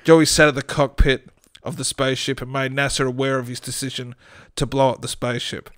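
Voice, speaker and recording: Aussie guy reading his goofy story out loud, keeps laughing, dry close mic. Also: medium pitch, level tone, brisk, no room sound. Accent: Australian. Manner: reads with frequent laughter breaking through. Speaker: storytelling podcast host. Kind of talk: reading a comic short story aloud.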